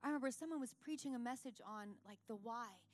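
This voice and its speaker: High-voiced animated woman preaching. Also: quick pace. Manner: animated, self-mocking storyteller; shifts to soft and earnest. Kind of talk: sermon with personal stories.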